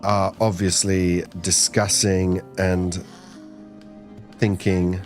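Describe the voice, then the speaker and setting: A man's voice: deep voice, level tone, very slow, faint music behind. A young man streaming a game on a team channel, chatting casually with his viewers in a rambling, playful way and now and then slipping into silly voices. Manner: rambling, playful, talks to himself and chat, breaks into silly voices. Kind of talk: casual live-stream chat while gaming.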